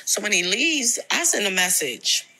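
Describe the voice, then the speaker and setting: A woman's voice: medium pitch, very animated, normal speed, bright, forceful tone, poor audio. A young woman telling a personal story in a frank, emphatic way, retelling an argument.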